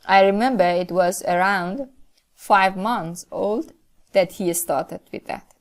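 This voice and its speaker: Slow, deliberate woman lecturer. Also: mid-range voice. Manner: slow, deliberate explaining with careful pauses. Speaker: linguistics lecturer. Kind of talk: recorded lecture.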